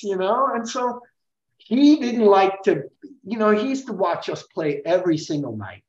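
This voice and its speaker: Male podcast guest, animated storyteller, roomy lo-fi recording. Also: high-pitched. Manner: animated, acts out quotes. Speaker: podcast guest, rock singer. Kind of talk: storytelling interview. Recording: roomy, dull lo-fi audio.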